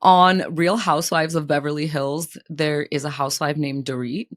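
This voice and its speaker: A woman's voice: deep voice, steady tone, normal speed. A woman co-hosting a podcast in casual chat, laughing often as she talks. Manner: giggly, laughs often between lines. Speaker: podcast co-host.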